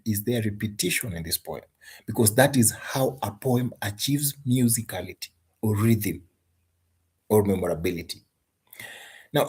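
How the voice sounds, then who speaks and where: A man's voice: medium pitch, a little mellow, slightly rough. A man teaching an exam tutorial, stressing and repeating key points and asking rhetorical questions. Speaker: English teacher.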